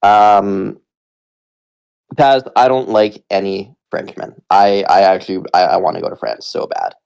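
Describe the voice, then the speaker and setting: A man from Canada hosts a laid-back online town hall, his voice low and gravelly with a touch of fry. He rambles a bit, cracks jokes and keeps things friendly and loose, speaking into a home computer mic. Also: unhurried. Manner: relaxed, rambling, jokey. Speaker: host of a community town hall. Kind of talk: casual live audio chat.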